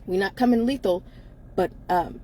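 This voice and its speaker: A woman's voice: medium pitch, normal speed, dark tone, slight background noise. A woman co-hosting a casual live-stream chat from inside a car, blunt and emphatic, laughing often between her lines.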